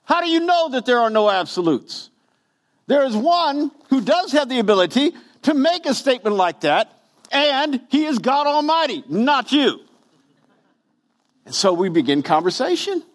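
Man preaching, high voice, pitch all over the place, theatrical delivery. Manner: animated preaching with wide pitch swings, acting out quotes. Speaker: pastor. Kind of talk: sermon.

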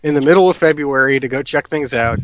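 A man's voice: mid-range voice, fast talker, fairly bright tone, muffled recording. Wry man chiming in on a podcast. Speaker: podcast co-host. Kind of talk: casual group chat.

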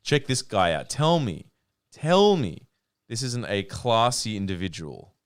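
A man co-hosting a podcast in loose, jokey banter. His pitch swings widely as he talks, and he swears freely. His delivery stays animated throughout. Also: measured pace, smooth. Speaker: podcast co-host. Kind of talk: casual banter.

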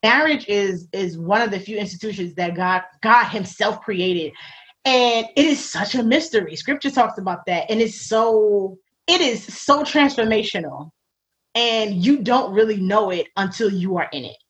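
A woman as an interview guest in casual faith-centred chat, animated and laughing often, acting out the voices she quotes. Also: medium pitch, normal speed. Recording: dull lo-fi recording.

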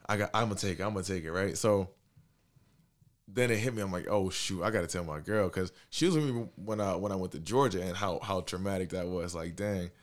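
A young man in his twenties, telling a story in a casual chat, slangy and animated, acting out the dialogue. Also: low-pitched, fairly quick. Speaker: podcast guest.

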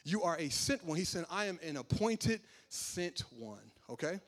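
A man preaching a sermon, talking casually with the congregation and building up to loud, emphatic passages. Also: fairly high pitch, sing-song, normal speed.

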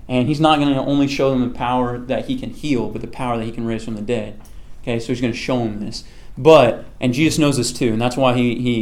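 A man's voice: medium pitch, darkish tone. Man teaching a casual Bible study. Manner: conversational, checks in with frequent "okay?"; reads scripture aloud, then explains it.

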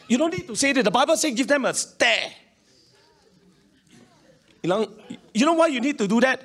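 A man with a Singaporean English accent preaching a sermon as pastor, animated and colloquial, calling on the congregation to respond. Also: extremely high pitch, moderate pace.

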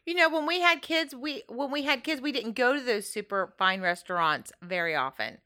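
A middle-aged woman co-hosting a podcast in casual chat, animated and opinionated. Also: on the high side, moderate pace. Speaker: podcast co-host.

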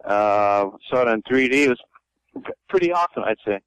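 A man's voice: lowish voice, lively intonation, a little fast, fairly bright tone, smooth, no echo, dull audio. A man calling in to a talk show over the phone, laid-back and friendly, stumbling over his words. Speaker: caller. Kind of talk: phone-in chat. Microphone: phone line.

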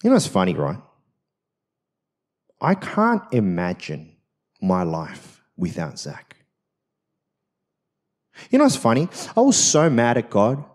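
A man's voice: fairly low pitch, huge pitch swings, slow, pauses often. A man, a senior pastor at a church service, preaching a personal story in a conversational, self-mocking way with frequent tag questions.

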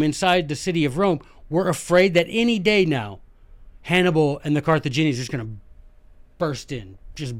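Folksy Southern man telling history. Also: fairly high pitch. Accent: Southern American. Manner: animated, folksy, addresses listeners directly. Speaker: podcast host. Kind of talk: casual history storytelling.

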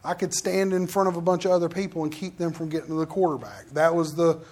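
Male preacher, animated delivery, slips into the voices he quotes. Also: fairly high pitch, fast talker. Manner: animated, acts out quoted prayers and Bible figures. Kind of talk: sermon.

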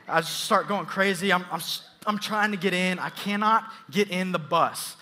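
Animated bright-voiced young preacher. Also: male voice, sits high, moderate pace, few pauses. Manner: animated, playful storytelling with swings into soft asides. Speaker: youth pastor. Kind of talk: storytelling sermon.

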